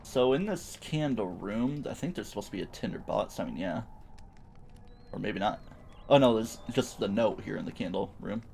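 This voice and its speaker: A man's voice: lowish voice, lively intonation, moderate pace, vocal fry, a little mellow, a little hiss or hum. A young man streaming a game, giving playful, chatty commentary with silly sound words. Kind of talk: gameplay commentary.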